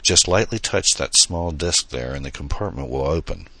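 A man voicing a formal, deadpan male alien pilot in an audiobook. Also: extremely low pitch, normal speed, no room sound, heavily acted.

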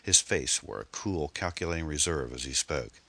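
Deep-voiced guy narrating a novel, steady pace, super dry close sound. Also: dry recording. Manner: measured, steady storytelling. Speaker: audiobook narrator.

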